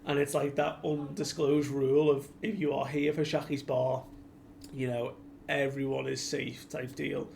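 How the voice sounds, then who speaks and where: Gravelly-voiced man recapping a chapter. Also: mid-range voice, flat delivery, a little slow, a little mellow, a little hiss or hum. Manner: chatty retelling that acts out the characters' lines. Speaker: anime and manga reviewer.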